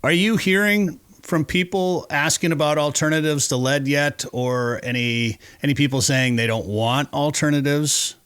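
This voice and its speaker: A man's voice: on the high side, moderate pace, few pauses, fairly bright tone, smooth, no room sound, studio quality. Chatty man hosting a fishing show. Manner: chatty, rambling storyteller. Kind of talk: casual interview chat.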